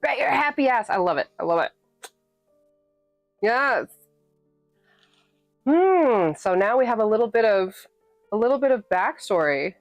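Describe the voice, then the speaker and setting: A woman's voice: a little high, animated, unhurried, long pauses, dry recording, lo-fi sound, faint music behind. A woman from New England chatting casually with her live-stream viewers, playful and sassy and laughing often. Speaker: livestreamer and author reading her novel.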